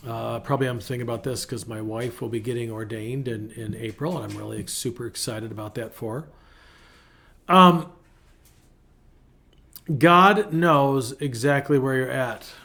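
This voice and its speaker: A middle-aged man talks casually through a devotional message in a mid-range voice. He is chatty and animated, and he acts out the people he quotes with lively shifts in his voice. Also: medium pitch, normal speed, creaky, a little hiss or hum. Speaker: ministry podcast host.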